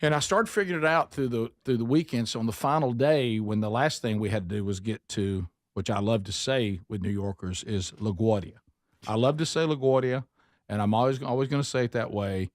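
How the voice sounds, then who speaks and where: A man hosting a radio talk show, telling a story in a casual, animated way and now and then putting on a mock accent. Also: fairly low pitch, a little fast, dry recording, clean studio sound.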